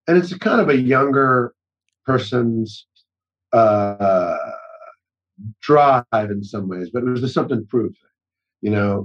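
An actor-director guest in his forties, a man with a husky, medium-pitched voice, tells stories loosely and at length in casual conversation. He rambles, interrupts himself with many restarts, and slips into acted-out quotes, all on slightly dull, muffled audio.

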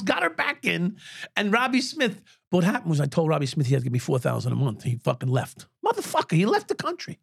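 Older man with a raised, gravelly voice that swings wide in pitch, telling profane stories as an interview guest in a dry, close-miked room. He talks with animated energy, swears freely and laughs at his own anecdotes. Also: fast talker, no echo. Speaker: podcast guest, former police officer.

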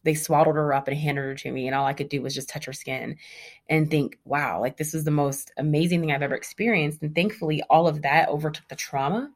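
Woman in her 30s, low voice, telling her own story, candid and animated. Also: a little fast. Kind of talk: personal story.

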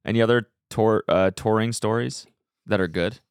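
A man hosting a podcast, chatting casually and asking relaxed follow-up questions. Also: fairly low pitch, moderate pace, clear, resonant tone, dry recording, studio quality. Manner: laid-back, asks follow-up questions. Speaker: podcast host.

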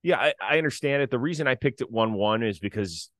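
Here a middle-aged man hosts a casual sports talk podcast, leading the segments and introducing topics with a conversational style. He talks fast with lively intonation, a medium pitch, and a fairly bright tone, with no echo.

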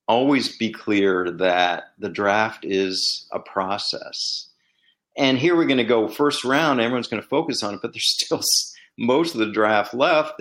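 A middle-aged man, a former team executive, talking casually and telling stories, acting out quoted exchanges. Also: a bit bright. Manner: conversational storyteller, acts out quoted dialogue with rising pitch. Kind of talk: casual solo commentary.

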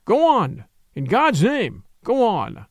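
A man voicing a small, earnest older priest who speaks gravely and pleads intensely. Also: on the high side, wildly swooping pitch, normal speed, dry recording, studio quality. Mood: pleading.

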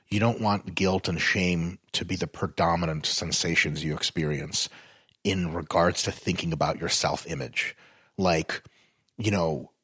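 Blunt, profane man with a husky voice. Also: no echo, studio quality. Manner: blunt, profane, swears freely; animated and explanatory, swings up in pitch when fired up. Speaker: podcast guest. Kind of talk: casual podcast chat.

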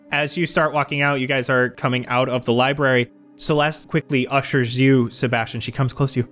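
A man narrating a tabletop game as game master, in a measured, descriptive way. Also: medium pitch, fairly even intonation, fairly bright tone, faint music behind.

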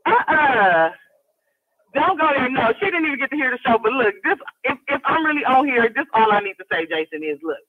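A woman from the Los Angeles area calling in to a live show, rowdy, excitable and full of profanity. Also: sits high, a little fast. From Los Angeles area, USA. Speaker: caller. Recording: tinny phone line.

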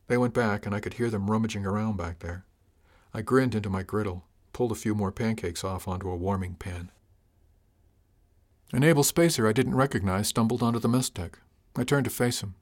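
A man narrating a science-fiction novel in a dry, measured, wry way. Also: on the low side. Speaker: audiobook narrator. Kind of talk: scripted audiobook narration.

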